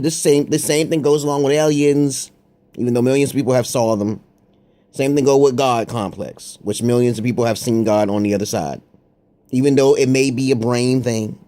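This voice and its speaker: An online commentator with a medium-pitched, dark voice rambles through a profane, confrontational monologue aimed at his viewers. He keeps throwing in "okay?" asides.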